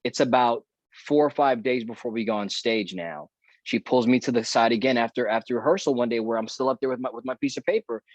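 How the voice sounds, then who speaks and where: A man's voice: mid-range voice, quick pace, dry recording. A man who is a guest actor, telling a story in a casual podcast chat and acting out the dialogue he remembers. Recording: dull, dry lo-fi audio.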